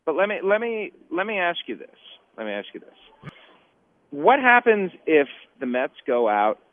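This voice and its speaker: A man calling in as a guest to a sports radio show, halting and repeating phrases before he makes his point. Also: on the high side, sing-song, no room sound. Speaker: guest baseball insider. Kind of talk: sports radio phone interview. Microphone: phone. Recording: tinny phone line with faint hiss.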